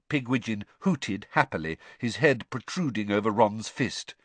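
A man narrating an audiobook in an expressive storytelling manner. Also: fairly low pitch, normal speed, few pauses, no room sound. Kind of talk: scripted narration.

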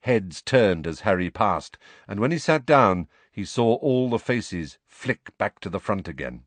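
Low, lively male audiobook narrator. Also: unhurried, no room sound. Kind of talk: scripted narration.

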